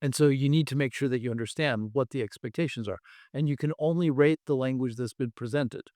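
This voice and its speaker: A man with a smooth, resonant voice speaks as a guest expert, laying out his points one step at a time with examples. The sound is dry and close, with no room around him. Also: mid-range voice, brisk, a little mellow, no room sound. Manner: thoughtful, explains step by step with examples. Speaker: guest expert on language testing. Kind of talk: explanatory interview talk.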